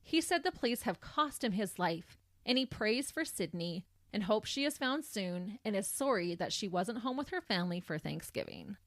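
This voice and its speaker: A woman's voice: medium pitch, animated, normal speed, few pauses, a bit bright, no echo, studio quality. A woman hosting a podcast, recounting a true crime case in a sardonic storytelling manner. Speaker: podcast host.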